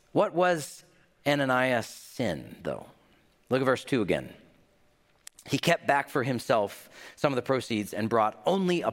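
A man preaching a sermon, telling a childhood story with acted-out voices and a lively delivery. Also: mid-range voice. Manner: animated storytelling with acted-out quotes. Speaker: pastor. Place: large hall. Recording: reverberant hall.

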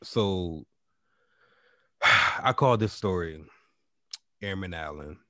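A man co-hosting a casual chat, telling a story in a laid-back, drawn-out way with frequent fillers. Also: sits low, sharp tone, dry recording, studio quality. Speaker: podcast co-host.

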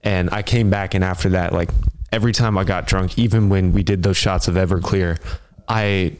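Low-voiced man recounting a story. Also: steady tone, normal speed, clean tone. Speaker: podcast co-host. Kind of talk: casual chat.

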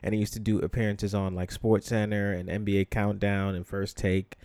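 A man's voice: lowish voice, little pitch movement, normal speed, darkish tone, smooth, dry recording. A man from the Bronx, New York, hosting a solo podcast in a conversational, blunt way, full of ums and you-knows. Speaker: podcast host. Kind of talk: casual solo podcast commentary.

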